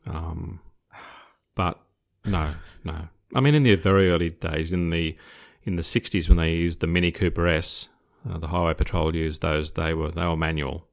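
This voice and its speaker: An older Australian man, a retired police officer, recounts his career in casual conversation, his low, gravelly voice steady in tone and at a normal pace. He starts out hesitant, repeating words, but his story grows vivid.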